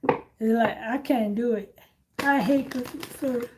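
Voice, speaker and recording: High-voiced woman chatting bluntly. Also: normal speed, a little hiss or hum. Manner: animated, blunt, laughs often. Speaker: host. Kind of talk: casual chat.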